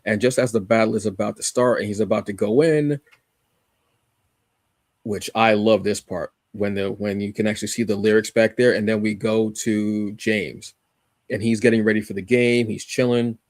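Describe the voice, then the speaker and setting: Man, podcast co-host, low pitch, dry sound, rambling, enthusiastic, casual comic review. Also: steady tone, normal speed, no echo. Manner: rambling, enthusiastic, many fillers and restarts.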